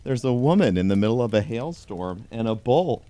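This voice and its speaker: A man reading a pun book aloud in a dry, deadpan comedic tone, chuckling along. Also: mid-range voice, normal speed, no echo. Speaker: comedy host.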